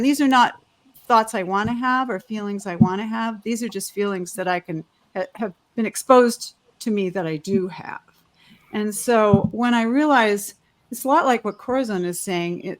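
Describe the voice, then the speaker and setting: Woman panelist, rambling and heartfelt, mid-pitched, video-call sound. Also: normal speed. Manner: rambling and heartfelt, with frequent restarts. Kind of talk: candid personal sharing.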